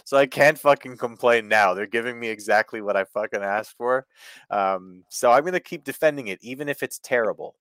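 A man's voice: mid-range voice, a little fast, no echo. A man hosting a wrestling review show in loose casual chat. He swears freely and laughs a lot. His voice sits mid-range and sounds dry and close. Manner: profane, animated, laughs often. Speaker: podcast host.

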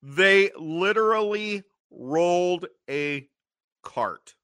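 A man co-hosting a podcast, recapping an old TV episode in an animated way, acting out the characters' lines and often clearing his throat. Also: high voice, drawn-out words, no echo, clean studio sound. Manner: animated storytelling, acting out quotes in funny voices. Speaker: podcast co-host.

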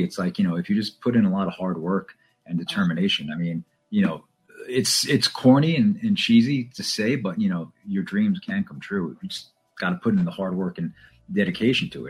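Husky deep-voiced radio man. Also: fairly quick. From New York area. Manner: easygoing, anecdotal, many fillers. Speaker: radio DJ and stadium announcer. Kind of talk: casual interview chat.

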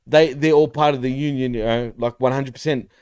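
A man's voice: medium pitch, steady tone, fairly quick, a little mellow, clear, resonant tone, dry recording, clean studio sound. A man co-hosting a show in casual chat, talking loosely with lots of slang fillers. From Greece. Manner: loose and slangy, peppers talk with "bro" and "like". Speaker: podcast co-host.

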